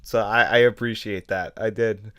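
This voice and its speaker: A man co-hosting a podcast, chatting casually about movies, animated and laughing often as he trails off and restarts. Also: on the low side, normal speed. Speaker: podcast co-host. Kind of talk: casual film chat.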